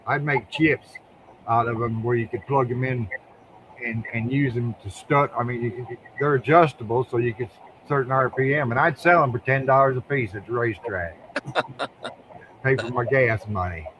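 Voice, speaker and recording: A man's voice: medium pitch, normal speed, noisy background. An older man from Ohio, a guest drag racer, telling folksy stories in casual interview chat, often repeating words and chuckling.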